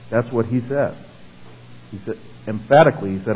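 A man's voice: medium pitch, normal speed, pauses often, a little mellow, lo-fi sound, a little hiss or hum. A man preaching a sermon in a conversational teaching manner, asking the congregation questions and tagging his points with "all right?" and "okay?". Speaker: pastor.

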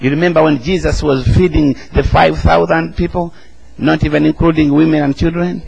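A man's voice: a little high, fairly even intonation, fairly quick, creaky, darkish tone, breathy edge, highs cut off. A man, preaching an emphatic sermon and calling the congregation to answer back. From Uganda. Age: 40s.

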